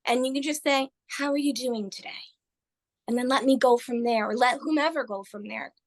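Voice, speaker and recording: Woman guest on a podcast, slightly high voice, earnest, gets animated telling stories. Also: brisk. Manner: earnest, animated storytelling with acted quotes. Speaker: guest, author. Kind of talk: podcast interview.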